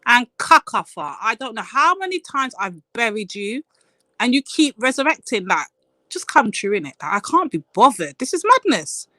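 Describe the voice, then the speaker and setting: A woman's voice: a little high, sing-song, moderate pace, bright, forceful tone, no echo. A woman hosting a live stream panel, telling a story in a blunt, swearing rant.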